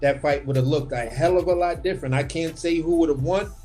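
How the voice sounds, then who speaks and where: A man's voice: on the high side, a little fast, soft background music. Opinionated man arguing boxing. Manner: animated, opinionated, repeats words when building a point. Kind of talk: casual boxing chat on a livestream. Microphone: video call.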